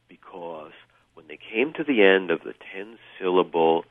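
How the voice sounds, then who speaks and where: A deep-voiced man, the guest author, explains his ideas slowly and thoughtfully, with plenty of ums and restarts. He comes through a tinny phone line that sounds dry and close. It plays as a calm call-in radio talk. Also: dry recording. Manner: thoughtful, many fillers and restarts. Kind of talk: radio interview, explaining at length.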